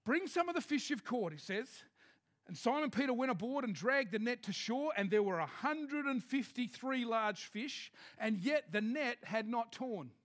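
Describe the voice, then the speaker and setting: A man preaching a sermon to his congregation in a lively, joking, conversational way. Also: very high-pitched, unhurried. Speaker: pastor. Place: church hall with a congregation.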